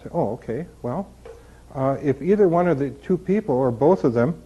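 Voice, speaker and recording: Man, recovery talk, candid storytelling, higher voice, dull lo-fi recording. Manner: candid storytelling with rhetorical questions. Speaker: recovery speaker.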